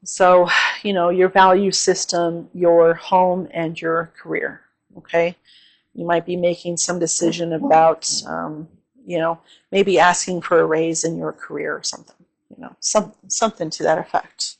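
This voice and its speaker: A woman with a somewhat low voice talks through an astrology forecast in a loose, chatty way. She leans on fillers and keeps checking in with her listeners. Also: flat delivery, a little slow, gravelly. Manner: chatty, many fillers and "okay?" check-ins; repeats gentle safety warnings. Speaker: astrology reader.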